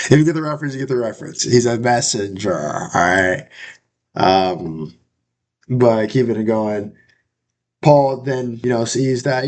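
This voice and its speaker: A man's voice: mid-range voice, normal speed, darkish tone. A young man casually retelling a Bible passage in a loose, slangy way, full of fillers and tag questions, acting out the people in it. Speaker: bible reading vlogger.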